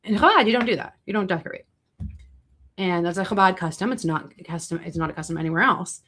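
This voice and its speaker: A young adult woman hosting a casual livestream, answering viewer questions with chatty, animated storytelling and asides. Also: lowish voice, fast.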